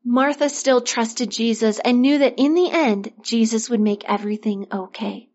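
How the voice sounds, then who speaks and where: Woman delivering a children's sermon story, gently expressive and a touch high-pitched, on a muffled recording. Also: moderate pace. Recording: dull lo-fi recording.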